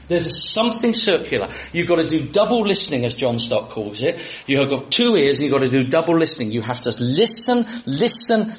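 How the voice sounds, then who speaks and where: A British man preaches with a lively, humorous delivery and sometimes raises his voice for comic effect. His voice sits a little high for a man and swings widely in pitch. The sound carries the echo of a roomy space. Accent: British English. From Britain.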